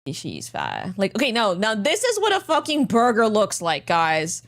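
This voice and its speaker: Young woman streamer, lively swooping pitch, excitable, loose and profane. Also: normal speed. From Canada. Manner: excitable, swearing, animated reactions. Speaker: streamer hosting a watchparty. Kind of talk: casual stream chat.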